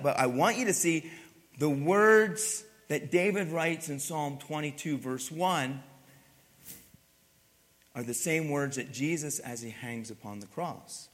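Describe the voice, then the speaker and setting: A man preaching a sermon as pastor, rising to loud emphatic peaks and dropping to hushed, low passages. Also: takes it slowly. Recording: long hall reverb.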